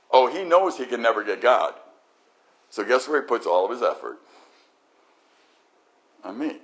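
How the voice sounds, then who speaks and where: A man's voice: medium pitch, very animated, moderate pace, pauses often, fairly bright tone. A man preaching a sermon, acting out quoted voices in his talk. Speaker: pastor.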